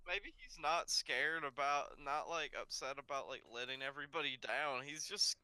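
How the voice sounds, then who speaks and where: A podcast co-host in casual chat, talking in an animated, playful way. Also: mid-range voice, normal speed, clean tone, no echo, poor audio.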